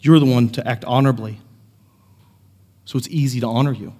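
A man preaching a sermon as pastor, earnest, moving between quiet reflection and raised, impassioned passages. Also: medium pitch, steady tone, fairly quick, long reverb tail. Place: church sanctuary.

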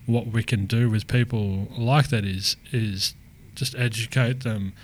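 A man's voice: fairly low pitch, a little slow. A man who works as a lived experience practitioner, talking reflectively in casual conversation. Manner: reflective, animated storytelling with restarts.

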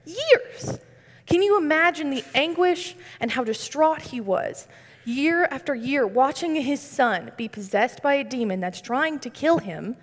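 Young woman preaching with playful asides. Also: fairly high pitch. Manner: earnest with light humorous asides. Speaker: speaker giving a devotional. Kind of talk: conversational sermon. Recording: long reverb.

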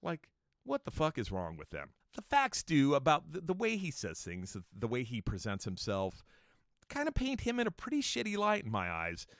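A man's voice: mid-range voice, huge pitch swings, moderate pace, fairly bright tone, no room sound, studio quality. A man hosting a podcast, ranting angrily with constant swearing and mocking whiny imitations of people he dislikes. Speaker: podcast host. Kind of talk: profane casual podcast rant.

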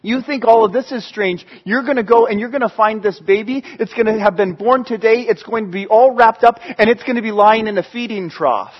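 A man's voice: sits high, fairly quick, few pauses, highs cut off. A man speaking as an eager angel messenger. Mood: reassuring.

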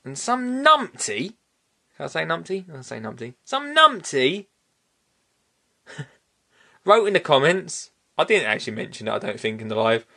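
A man hosting a podcast, telling a story in a casual, animated way and laughing often. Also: medium pitch, brisk, creaky. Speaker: podcast host.

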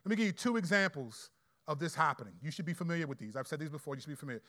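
A man preaching a sermon in a conversational, animated way with quick asides. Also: on the high side. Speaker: pastor.

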